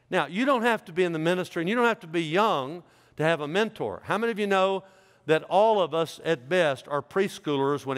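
A middle-aged man preaching a sermon as pastor, in a folksy, joking, conversational way. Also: a little high. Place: large church sanctuary. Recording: reverberant church hall.

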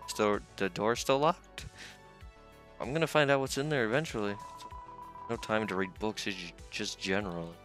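A man's voice: lowish voice, normal speed, fairly bright tone, soft background music. A young man casually joking and reading game text aloud as he plays. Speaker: gaming channel host. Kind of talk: casual let's-play commentary.

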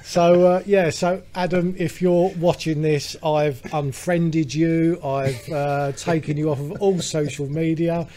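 British man, podcast co-host, rambling storyteller, slightly high voice, faint background hiss. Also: level tone, measured pace, few pauses, dark tone. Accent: British English. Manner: rambling storyteller, many fillers. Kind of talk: casual chat.

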